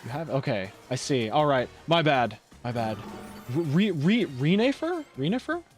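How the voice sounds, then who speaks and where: A male streamer chatting casually while playing a game, rambling and lively. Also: mid-range voice, unhurried, faint music behind. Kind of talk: casual gameplay chat.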